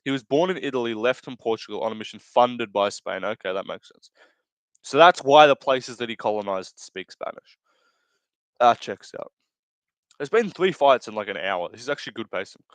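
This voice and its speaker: A man's voice: medium pitch, animated, moderate pace, dry recording. Crude, joking young male streamer. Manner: crude joking, laughs often, rambling self-corrections. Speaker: livestream host. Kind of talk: casual live commentary reading chat.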